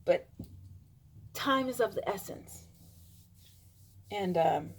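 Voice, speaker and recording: A woman's voice: mid-range voice, expressive, slow pace, long pauses, slight background noise. A woman vlogging an emphatic, insistent opinion monologue, repeating herself for emphasis.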